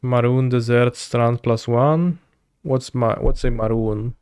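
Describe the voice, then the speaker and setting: A man's voice: medium pitch, slow, darkish tone, smooth, no room sound, clean studio sound. A man, a streamer thinking aloud and muttering words to himself while he works through a word puzzle. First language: Polish.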